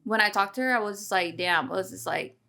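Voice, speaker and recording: A woman's voice: mid-range voice, fast talker, vocal fry, sharp tone. A young woman host chatting candidly about her beauty business, swearing freely and using slang. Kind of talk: casual chat.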